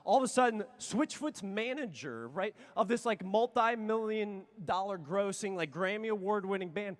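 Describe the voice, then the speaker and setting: A man in his thirties, a youth conference speaker telling a story with excitable energy and sudden shouts. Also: sits high, moderate pace. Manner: excitable, animated, bursts into shouts. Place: large conference hall. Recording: long reverb of a big hall.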